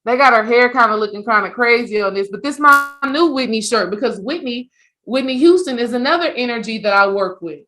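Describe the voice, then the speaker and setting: A woman's voice: a little high, brisk. A woman healing coach, telling a story in a casual, emphatic monologue that repeats itself for effect. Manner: animated, repetitive, emphatic storytelling.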